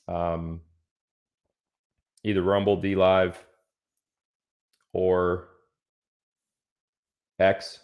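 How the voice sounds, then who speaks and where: A man hosting a casual livestream, chatting loosely and reading out where viewers are from. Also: deep voice. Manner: chatty, reads out viewer locations. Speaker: livestream host.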